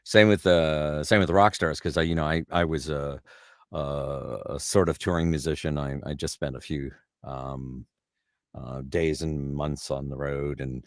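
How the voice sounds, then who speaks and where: A middle-aged voice actor in a casual interview, rambling through stories and laughing often, heard over a video call. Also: male voice, rumbling low, fairly even intonation, unhurried, no echo, studio quality. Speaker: voice actor guest.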